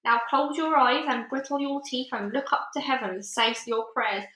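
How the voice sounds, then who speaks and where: A big, kindly old giant speaks earnestly, tripping over his grammar and inventing words, as a woman puts him on. The voice is pitched up and bright. It sounds roomy and echoey. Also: normal speed. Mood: urgent, crafty. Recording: roomy echo.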